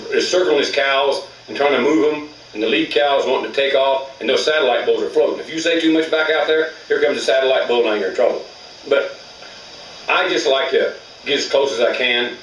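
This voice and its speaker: A man's voice: medium pitch, a bit bright, reverberant, distant mic, poor audio. A man teaching elk calling in a plainspoken, folksy way, with rural grammar. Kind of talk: outdoor hunting instruction.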